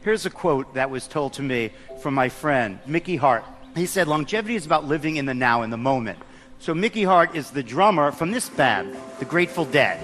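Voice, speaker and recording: Lively man speaking to an audience. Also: a little high. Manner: enthusiastic, addresses the audience. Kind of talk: stage talk to an audience.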